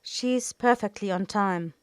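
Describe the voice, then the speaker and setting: A woman's voice: mid-range voice, slow, smooth, dry recording, clean studio sound, natural voice. A woman doing a haughty robed death mage. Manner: sniffy, haughty.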